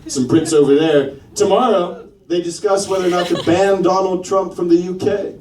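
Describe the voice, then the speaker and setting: Crude stand-up comic in a roomy club. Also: male voice, high-pitched, steady tone, normal speed, a crowd in the background. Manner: crude, mocking, trying out silly accents. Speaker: stand-up comedian. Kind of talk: stand-up comedy set. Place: comedy club stage. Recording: roomy club sound from a distant mic. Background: audience laughing.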